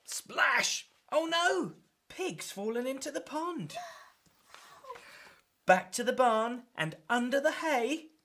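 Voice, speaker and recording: Slow sing-song storybook reader. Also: male voice, very high-pitched, sing-song, bright, forceful tone. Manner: slow, sing-song, playful sound effects. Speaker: children's storyteller host. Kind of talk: reading a picture book aloud to children.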